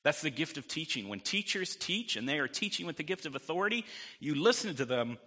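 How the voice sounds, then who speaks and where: Bright-voiced male pastor in a reverberant hall. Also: fairly high pitch, big pitch swings, fairly quick. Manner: conversational, asks "right?" often, with light jokes. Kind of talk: sermon.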